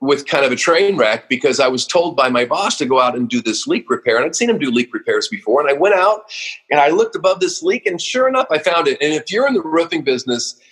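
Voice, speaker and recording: A husky man in his fifties from Oregon recounts his working life as an interview guest. His delivery is earnest and emotional, full of small restarts and repeated words. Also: a little high, animated, fast, fairly bright tone. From Oregon, USA. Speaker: guest, company founder. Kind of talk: storytelling interview.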